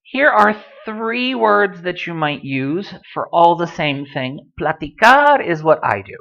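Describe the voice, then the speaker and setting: Man as a relaxed, joking language tutor, lively pitch, dull lo-fi computer mic. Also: takes it slowly, gravelly. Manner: relaxed, chatty, with dry joking asides. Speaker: Spanish teacher. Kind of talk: recorded language lesson. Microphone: computer microphone.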